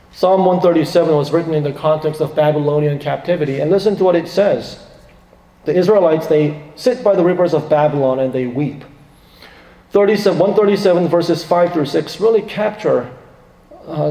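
A man's voice: a little high, mellow. A man preaching a sermon, turning dramatic and emphatic when he quotes laments. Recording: echoey, reverberant hall.

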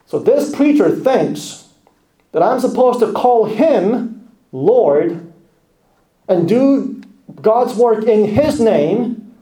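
A man preaching a sermon emphatically, with hushed asides. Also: high voice. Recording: echoey room.

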